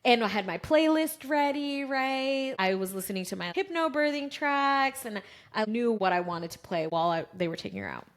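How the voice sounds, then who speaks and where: A woman's voice: fairly high pitch, normal speed. A woman in her thirties co-hosting a podcast, telling a personal story in casual chat and acting out what people said. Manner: lively storyteller who acts out quoted voices. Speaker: podcast co-host.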